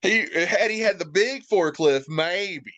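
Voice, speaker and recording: A man's voice: sits high, takes it slowly, a bit bright, no echo. A man from Indiana, a podcast guest, telling rambling, profane anecdotes with wry asides in casual chat.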